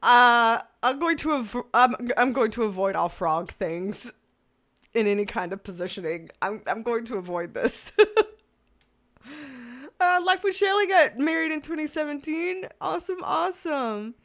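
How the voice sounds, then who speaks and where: A high-voiced woman in her thirties chats casually on a livestream, reading viewer comments aloud. She laughs often and tells stories with exasperated humor. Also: lively intonation, measured pace, fairly bright tone. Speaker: tarot livestream host.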